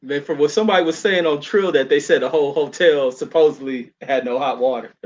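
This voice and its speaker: A man's voice: fairly high pitch, a little fast, darkish tone, dull audio. A man talking boxing as a guest in casual chat, laid-back, often tagging sentences with "man". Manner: laid-back, repeats "man", restarts phrases.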